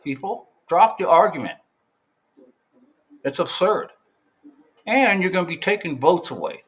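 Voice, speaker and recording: A man's voice: high voice, lively intonation, unhurried, long pauses, breathy edge, poor audio. A man giving a casual, opinionated video update, rambling with fillers and restarts.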